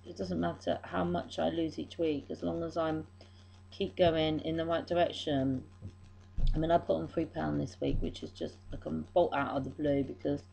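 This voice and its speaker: A woman's voice: deep voice, creaky, dark tone, rough recording. A middle-aged woman, tearful, rambling and apologetic as she talks through her day in a home diary vlog. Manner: rambling, apologetic, self-deprecating. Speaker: vlogger.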